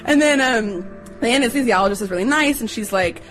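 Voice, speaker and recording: A young adult woman chattily telling a personal story to listeners, acting out the quotes in a higher voice. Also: a little fast, a bit bright, soft background music, rough recording.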